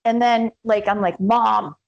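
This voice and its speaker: Her voice here is medium-pitched and gravelly, her pace measured, as this Arizona woman swears freely while spinning stories in casual chat and performing the voices of those she quotes. The sound has no echo and the highs are cut off.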